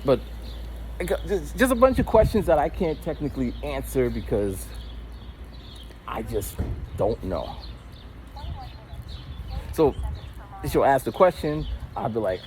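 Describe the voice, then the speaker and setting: A man in his forties rambles through a story outdoors as he walks, often stumbling over repeated words. His pitch swings in a very animated way, and faint noise sits behind him. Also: unhurried, pauses often. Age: 40s. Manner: animated, rambling, with frequent stammered restarts. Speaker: vlogger. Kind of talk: casual storytelling while walking. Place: outdoors, walking.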